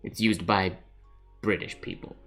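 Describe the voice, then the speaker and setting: A man talks casually while he writes on a live stream, thinking aloud, laughing often and answering viewers as they comment. His voice sits a little low. Soft music plays faintly behind him. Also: fairly even intonation, measured pace. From Canada. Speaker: calligraphy livestream host.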